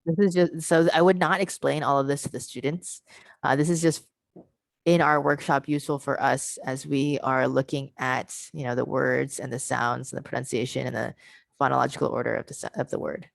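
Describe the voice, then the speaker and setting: A woman presenting an online teacher workshop on pronunciation, explaining patiently and sounding out word parts slowly over a video call. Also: rumbling low, steady tone, gravelly, no echo.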